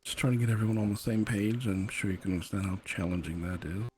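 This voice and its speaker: A man speaking in character during a live roleplay, measured and dry. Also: on the low side, a little mellow, soft background music.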